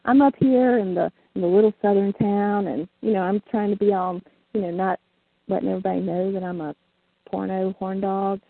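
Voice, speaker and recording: Woman, husky gravelly voice, frank and bawdy; tinny phone sound. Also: medium pitch, steady tone, fairly quick, dry recording. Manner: frank, bawdy storytelling with frequent laughter. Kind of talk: casual chat. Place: small southern town. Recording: tinny phone line, dry.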